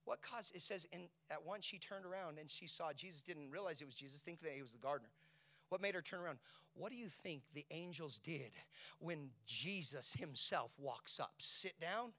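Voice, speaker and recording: A male pastor with a high, bright voice preaching a sermon. He drops to hushed whispers, then climbs into loud, ringing exclamations. The sound is close and dry. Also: moderate pace, dry recording. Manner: dramatic preaching, swings from soft whispers to loud high shouts.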